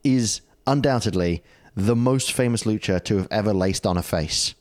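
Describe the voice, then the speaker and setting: A man's voice: on the low side, moderate pace, darkish tone, no room sound. A British man co-hosting a casual podcast chat, joking and reading quotes aloud. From Britain. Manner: jokey, laughing, reads quotes aloud. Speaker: podcast co-host.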